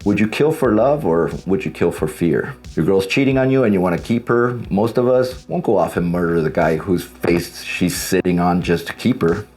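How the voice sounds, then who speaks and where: A man's voice: sits low, normal speed, few pauses, a little mellow, faint music behind. A man giving blunt, casual advice as a divorce coach, speaking straight to his viewers and swearing freely. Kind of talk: direct-to-camera advice talk.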